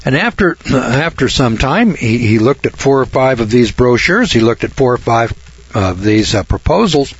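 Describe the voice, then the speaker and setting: Older male storyteller, husky voice, halting folksy delivery, dry and slightly muffled recording. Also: mid-range voice, animated, no echo. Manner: rambling, halting delivery with frequent clears of the throat. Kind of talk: folksy spoken anecdote.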